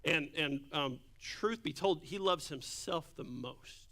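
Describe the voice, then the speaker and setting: A man's voice: a little high, slow pace, sharp tone. A man preaching a sermon on a church microphone, casual and joking as he tells stories. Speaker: pastor. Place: church sanctuary. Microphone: handheld or stage microphone.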